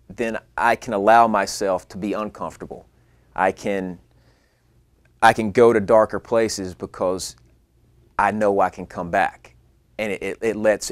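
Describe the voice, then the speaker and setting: A young man, an actor, telling a fast, animated story about himself in a casual way. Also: fairly low pitch, dry recording. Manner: animated, acts out his own lines in a rising voice. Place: California.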